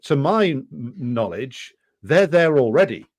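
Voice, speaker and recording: A man's voice: mid-range voice, big pitch swings, measured pace. Sardonic man reading and mocking. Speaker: podcast co-host. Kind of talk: casual political chat, reading quotes aloud.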